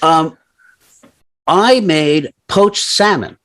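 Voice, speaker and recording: An older man co-hosting a casual talk show, telling stories in an animated, mock-ranting way. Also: fairly high pitch, very slow, clear, resonant tone. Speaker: podcast co-host. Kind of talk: casual chat.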